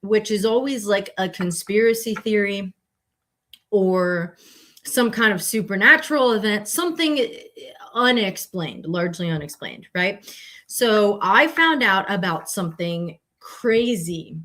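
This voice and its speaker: Woman podcast host, casual and rambling, mid-pitched, live-stream chat. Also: animated, measured pace, a bit bright. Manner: chatty and rambling, with many fillers and self-corrections.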